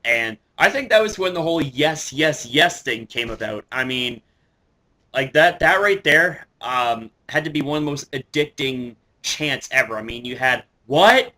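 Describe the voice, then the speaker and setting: Bright-voiced excitable male vlogger. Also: medium pitch, normal speed. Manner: excitable, swears a lot, many fillers and restarts. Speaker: wrestling vlogger. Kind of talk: casual reaction commentary.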